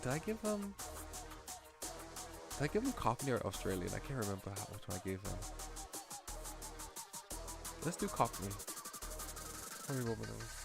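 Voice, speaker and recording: A man's voice: medium pitch, vocal fry. A male streamer chatting casually and joking as he plays through a mystery game. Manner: joking, chatty, thinking aloud. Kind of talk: casual gameplay commentary. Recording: game music behind.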